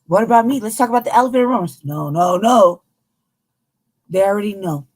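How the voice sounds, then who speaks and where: An American woman hosting a news commentary show, talking in a heated, emphatic, profane way with a husky voice. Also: medium pitch, fairly quick, a little mellow, no room sound. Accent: American English. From United States.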